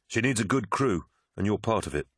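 A man's voice: lowish voice, expressive, a little fast, husky, dry recording, clean studio sound, voice pushed up. A man voicing a worried, pragmatic male officer who pleads urgently in a raised voice in an audiobook. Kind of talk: audiobook character voice.

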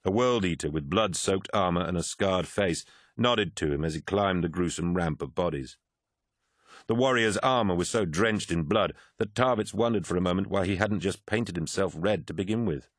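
A man narrates an audiobook in a very low, deep voice. His reading is measured and grave. The sound is dry and close to the mic, with no room around it. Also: no room sound. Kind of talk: scripted narration.

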